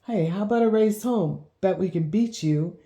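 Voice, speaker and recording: A woman voicing an eager, impulsive young boy in a storybook reading, who shouts when thrilled. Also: medium pitch, normal speed, voice pushed up, natural voice. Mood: easygoing. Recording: roomy echo.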